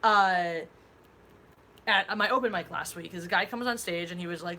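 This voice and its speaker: A woman co-hosting a casual live stream chat, telling stories in an animated way and laughing often. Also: lowish voice, moderate pace.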